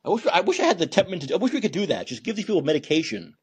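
A man hosting a podcast, talking alone in sarcastic, animated political commentary, swearing and thinking out loud. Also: fairly high pitch, very fast, few pauses, husky. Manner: animated and sarcastic, mocking voices of opponents. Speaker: podcast host.

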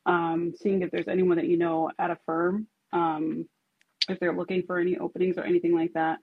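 A woman's voice: lowish voice, slightly rough, no echo. Hesitant woman on a tinny line. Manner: hesitant, full of fillers. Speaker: panelist.

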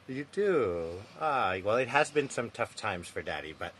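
Gentle, lively-voiced podcast host dad. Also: male voice, medium pitch, a little slow, very noisy. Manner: gentle, patient, affectionate with his toddler. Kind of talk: casual interview podcast.

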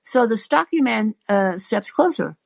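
Wry older woman telling a slow story. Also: on the high side, vocal fry, husky, no echo. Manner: wry, animated storytelling with many asides. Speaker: advice columnist and podcast host. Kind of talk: storytelling monologue to listeners.

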